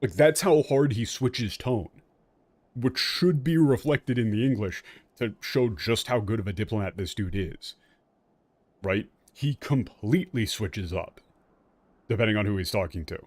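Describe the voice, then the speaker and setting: A man's voice: lowish voice, unhurried, no echo. A man streaming a game and explaining its story in casual, rambling commentary, full of fillers and restarts and the odd swear word. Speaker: streamer playing and translating a game.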